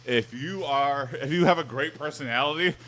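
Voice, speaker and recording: A man's voice: medium pitch, moderate pace, fairly bright tone, a little hiss or hum. A young man from Southeast Michigan chatting casually on a live stream, reacting to chat with rambling, jokey asides.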